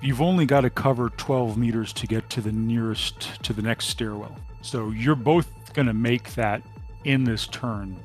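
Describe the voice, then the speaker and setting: Soft music plays while a man with a mid-range voice guides players through a tabletop RPG, describing events calmly and measuredly, punctuated by frequent ums.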